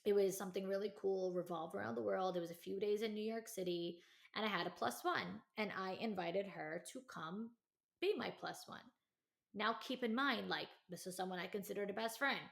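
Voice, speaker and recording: A woman hosting a podcast, telling a personal story in casual chat, full of "like" and "you know", and acting out quotes with lively energy. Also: a little fast, creaky. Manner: chatty, heavy use of "like" and "you know"; animated, acts out quotes in a higher voice. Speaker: podcast host.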